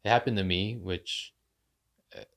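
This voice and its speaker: Low-voiced man telling his story. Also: unhurried. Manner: animated, acts out quoted voices, many fillers like "like". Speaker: podcast guest. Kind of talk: casual storytelling in conversation.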